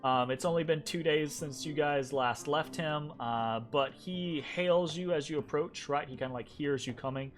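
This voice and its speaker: A man narrating a tabletop game as game master, halting and full of fillers. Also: on the high side, faint music behind. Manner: halting, many fillers and restarts.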